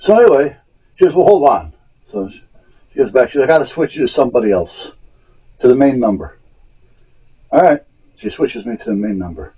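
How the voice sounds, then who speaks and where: Husky, animated man telling a story. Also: medium pitch. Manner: animated, exasperated retelling of a phone call. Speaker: vlogger. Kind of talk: casual storytelling rant. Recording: tinny lo-fi phone-like audio.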